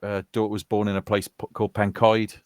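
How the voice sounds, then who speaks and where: He talks fast, in a fairly low, level and smooth voice, and the recording is dry. A British man from Wales in his fifties and a soldier, he's on relaxed voice chat with gaming friends, rambling and laughing his way through stories.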